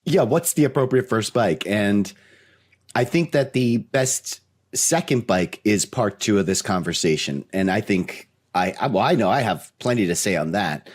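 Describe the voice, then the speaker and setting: Husky, playful man. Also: lowish voice, lively intonation, normal speed. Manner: playful, teasing, plays devil's advocate. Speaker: podcast co-host. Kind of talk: casual chat.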